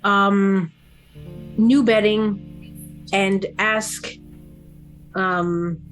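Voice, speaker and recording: A woman's voice: mid-range voice, steady tone, drawn-out words, soft background music, rough recording. A woman playing a tabletop game, speaking hesitantly with many fillers. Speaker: player. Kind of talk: in-character role-play.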